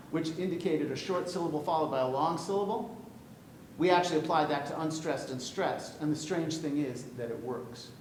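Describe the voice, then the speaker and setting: A man gives a classroom lecture on verse, joking and quizzing his students as he goes. His voice sits a little high and carries a roomy echo. A faint low rumble runs under the recording. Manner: lively, jokey, asks the class questions. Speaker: poetry teacher. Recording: echoey room with light rumble.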